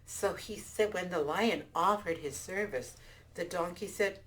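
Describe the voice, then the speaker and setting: Slow-paced woman storyteller. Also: on the low side. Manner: warm, expressive, with restarts. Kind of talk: folktale storytelling.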